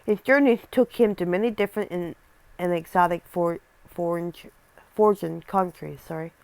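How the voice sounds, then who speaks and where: A woman's voice: on the low side, darkish tone, clean tone, no echo. A young woman reading a scary story aloud and breaking off for casual, rambling asides, often stumbling over words.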